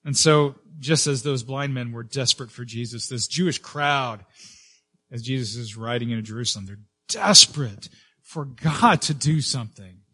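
A man preaching a sermon as pastor, earnest, with frequent fillers and restarts, rising and slowing to stress key words. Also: medium pitch, sharp tone, husky.

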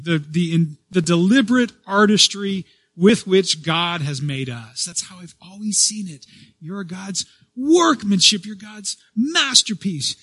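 A male pastor preaches a sermon emphatically in a high voice with a breathy edge and no room sound. He swells louder on key phrases then drops soft, repeating and restarting phrases as he goes.

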